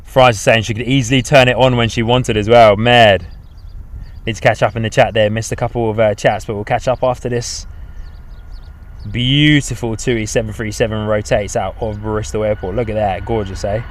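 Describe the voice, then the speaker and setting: A man's voice: fairly low pitch, fairly even intonation, normal speed. Easygoing New man chatting outdoors. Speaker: livestream host. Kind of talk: live plane-spotting commentary. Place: outdoors at an airport.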